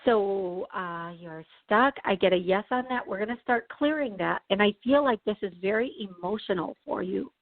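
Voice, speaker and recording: A woman hosting a call-in radio show as a psychic medium, chatty and reassuring, often clearing her throat. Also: mid-range voice, moderate pace, hardly any pauses, no room sound. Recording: tinny phone-like sound, dry.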